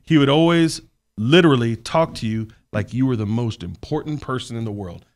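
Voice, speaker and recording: Earnest, animated male storyteller. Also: medium pitch, a little fast. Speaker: podcast guest, college sports staff. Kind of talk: casual interview conversation.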